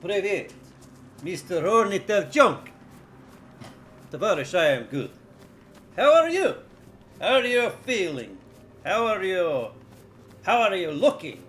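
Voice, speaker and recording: A man voicing a boisterous mock comrade with a put-on Russian accent, loud and playful. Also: big pitch swings, takes it slowly, long pauses, a little hiss or hum, full character voice. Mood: hammy. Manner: exaggerated, booming, playful.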